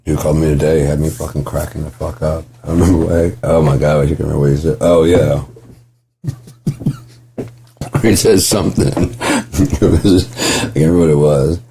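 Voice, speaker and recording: A man talking in a gentle, rambling monologue, swearing freely and chuckling often. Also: extremely low pitch, steady tone, normal speed, vocal fry, long pauses, soft background music. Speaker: vlogger.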